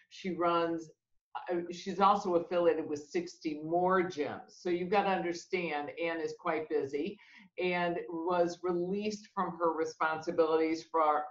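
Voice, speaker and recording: Woman, playful host, lowish voice, muffled roomy video call audio. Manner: playful, laughing, acts out quoted voices. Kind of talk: casual webinar chat.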